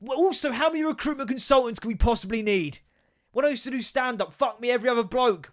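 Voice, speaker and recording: A man's voice: very high-pitched, fast talker, faint music behind. A man in his thirties hosting a solo comedy podcast, ranting and swearing with self-mocking asides.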